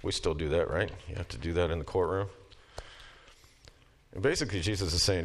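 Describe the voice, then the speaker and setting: A man's voice: low voice, a little fast, long pauses. A middle-aged man giving a casual lecture, moving between plain talk and emphatic readings of scripture. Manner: conversational, reads passages aloud with rising emphasis.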